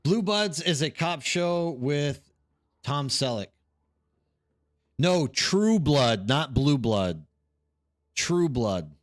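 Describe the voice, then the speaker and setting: A man's voice: fairly high pitch, animated, slow pace. A man chatting casually on a live stream while gaming, rambling and reacting to chat. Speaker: streamer hosting a watch party.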